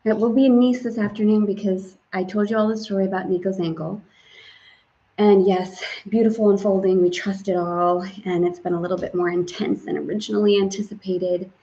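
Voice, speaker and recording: A middle-aged woman chats warmly on a live stream, her voice lively and easygoing, with the odd French greeting dropped in. Her pitch sits in a middle range. The sound is slightly dull, like a modest computer mic. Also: a little fast. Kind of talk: casual spiritual live stream.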